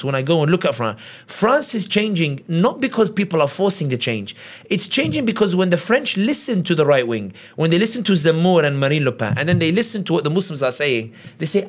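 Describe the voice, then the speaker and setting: Guest commentator, male, UK-born, fairly high-pitched, animated delivery that slips into quoted voices. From United Kingdom. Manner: animated, quick, acts out quotes in other voices. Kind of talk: conversational analysis.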